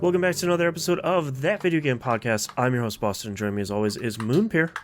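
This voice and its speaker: A man hosts a casual gaming podcast at an ordinary middle pitch. He chats freely, laughs often and fills pauses with little hesitations. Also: over music. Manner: chatty, laughs often, many fillers. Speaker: podcast host.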